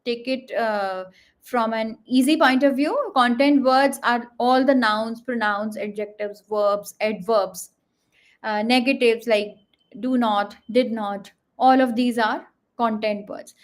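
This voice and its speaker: A woman's voice: a little high, fairly even intonation, slow pace. A woman speaking as a guest on a leadership panel, explaining communication techniques with frequent fillers and spoken examples.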